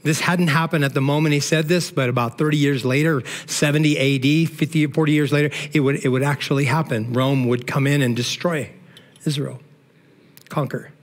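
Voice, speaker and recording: A man's voice: fairly high pitch, steady tone, fairly quick. A middle-aged male pastor preaching a sermon in an emotional, conversational way, often tossing in "man" and "all right".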